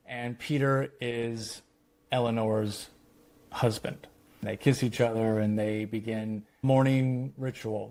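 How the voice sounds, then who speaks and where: A man's voice: medium pitch, darkish tone. A man, a screenwriter, casually talking through his screenplay treatment scene by scene, with loose phrasing and quoted dialogue.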